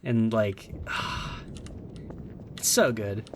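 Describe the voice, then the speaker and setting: A young man giving casual gameplay commentary as a YouTuber, excitable and sarcastic, swearing often. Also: fairly low pitch, drawn-out words, a little hiss or hum. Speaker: gaming YouTuber.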